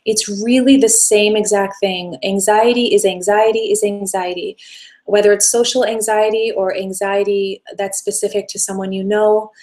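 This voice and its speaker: Woman teaching live online, soft coaching tone, long run-on sentences, slows down for breathing bits. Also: mid-range voice. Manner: gentle, coaching, speaks in flowing run-on phrases. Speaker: self-help teacher hosting a live session. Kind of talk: live-stream teaching, answering viewer questions.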